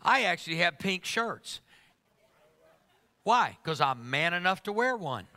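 A man's voice: high voice, big pitch swings, unhurried, sharp tone. A middle-aged man preaching a sermon to a congregation, emphatic and humorous, teasing his listeners.

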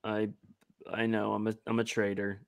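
A man's voice: fairly low pitch, completely flat delivery, normal speed, creaky. A man co-hosting a casual sports podcast, making jokes and retelling memes. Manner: jokey, quotes memes in mock voices. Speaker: podcast co-host.

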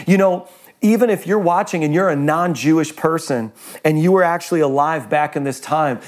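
Male pastor, higher-pitched voice, fervent exclamatory livestream preaching. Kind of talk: livestreamed sermon.

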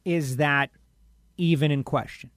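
A man's voice: on the high side, steady tone, measured pace, no room sound, studio quality. A man on a talk radio show giving an impassioned, rambling opinion while emotionally upset. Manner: emphatic, rambling, acts out other people's lines. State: emotional, upset by bad news.

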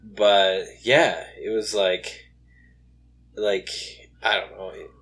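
A man's voice: lowish voice, flat delivery, slow pace, a bit bright, husky. A young man co-hosting a casual late-night podcast, rambling with lots of fillers and restarts, a little tired. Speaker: podcast co-host.

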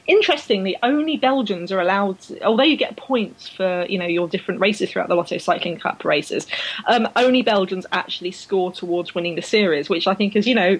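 A woman's voice: medium pitch, poor audio. A woman from England, a guest on a casual cycling chat, teasing dryly and explaining races in detail. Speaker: guest co-host.

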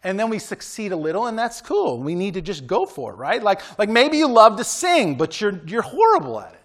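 Preaching in a loose, chatty manner, a pastor drops "right?" to his congregation between points. His voice is notably high for a man, sing-song and fairly quick, and he pushes hard, exhorting listeners to try harder and train to win.

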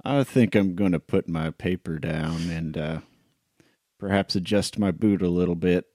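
Man, tabletop player, deadpan, terse, very low voice, dry recording. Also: moderate pace, dry recording. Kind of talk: in-character role-play in a tabletop game.

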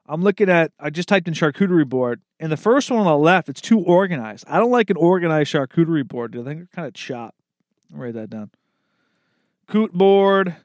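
Profane rambling young man, higher voice. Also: expressive, brisk, a little mellow, no room sound, clean studio sound. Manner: profane, rambling, calls everyone dude, laughs at own jokes. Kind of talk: comedic solo riffing.

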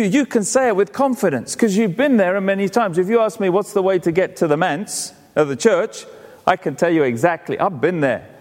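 A high-voiced male pastor gives a conversational sermon, full of stories and repeated words. His voice rings in a church with a long reverb. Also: darkish tone.

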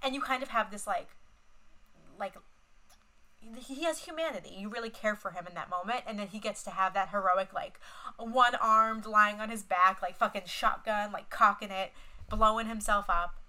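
A woman's voice: mid-range voice, normal speed, pushed and bright, low-quality recording. A young woman co-hosting a podcast, chatting casually and retelling film scenes with lots of fillers and swearing. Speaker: podcast co-host. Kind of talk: casual chat.

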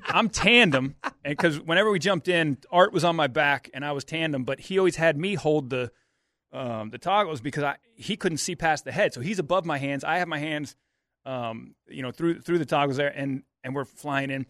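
A man co-hosting sports radio, telling a story with excitement and acting out what people said, in a studio. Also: a little high, normal speed, dry recording. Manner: excitable storyteller, lots of restarts and acted-out quotes. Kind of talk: animated storytelling on a radio show.

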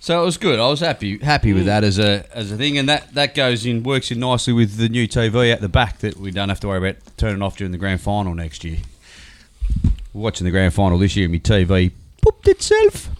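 A man's voice: fairly low pitch, sing-song, fast, dry recording. Man, podcast host, laid-back rambling, dry close sound. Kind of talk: casual chat.

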